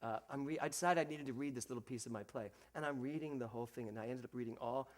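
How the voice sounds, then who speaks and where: A minister preaches a sermon to his congregation, speaking fast in a medium pitch. He's animated, acting out the voices he quotes and addressing his listeners directly.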